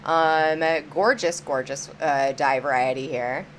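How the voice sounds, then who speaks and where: A woman's voice: deep voice, steady tone, a little slow, slight background noise. A woman hosting a live-stream auction, chatty and upbeat, greeting viewers by name as she counts down bids.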